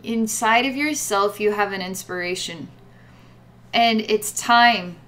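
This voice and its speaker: A woman's voice: medium pitch, fairly bright tone. A woman giving a guided psychic reading in a rambling way, full of fillers and repeated words. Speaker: psychic reader.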